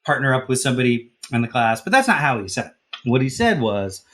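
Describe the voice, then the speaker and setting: Man, from the Deep South, podcast co-host, casual storytelling, halting restarts, medium pitch. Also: sing-song, fairly bright tone. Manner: rambling, lots of fillers and restarts.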